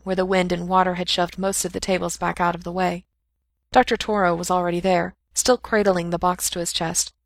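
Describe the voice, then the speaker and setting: A woman with a slightly low voice reads a fiction audiobook aloud. The recording is dry and close. She acts out the characters' cries and whispers as she goes. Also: no echo. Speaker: narrator.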